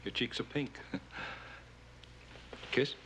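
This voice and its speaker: An actor playing a clinging, suspicious husband. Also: male voice, slow, background noise, lightly acted. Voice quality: soft, possessive and needling. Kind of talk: 1960s television western acting.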